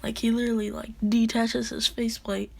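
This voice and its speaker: Gravelly, husky woman telling a story casually, rambling and slangy. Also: a little high, little pitch movement, fairly quick, darkish tone. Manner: rambling, slangy narration with fillers. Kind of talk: casual storytelling of a fan scenario.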